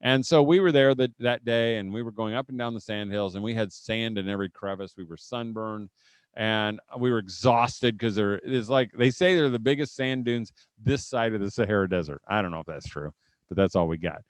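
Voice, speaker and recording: A middle-aged man from Indiana, USA, speaking at a conference, entertains a live audience with folksy parenting anecdotes, acting out family moments and chuckling a lot. His pitch is fairly low and his delivery brisk, on a dry recording.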